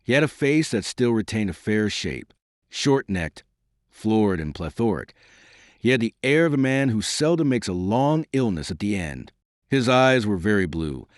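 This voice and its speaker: Male audiobook narrator, low voice that swings widely, dry close sound, theatrical read. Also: no room sound. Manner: expressive, theatrical reading. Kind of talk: scripted narration.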